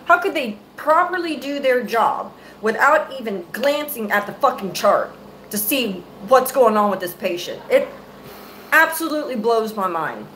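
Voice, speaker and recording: A woman's voice: on the high side, very animated, normal speed, fairly bright tone, a little hiss or hum, rough recording. A middle-aged woman, a mother, angrily venting to her viewers on a live stream, cursing freely and close to her phone mic. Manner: angry, profane, venting.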